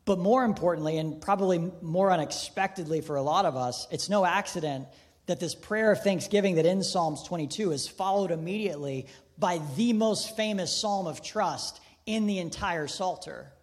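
A man preaching a sermon, earnest, shifting between hushed reflection and emphatic preaching, with casual asides. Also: high voice, moderate pace. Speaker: pastor. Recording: long reverb of a large hall.

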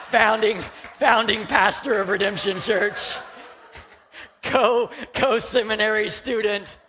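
A man's voice: sits high, pushed and bright, a little hiss or hum. A young man from Houston, Texas, giving a conversational, joking sermon as a pastor in a church and talking directly to the congregation.

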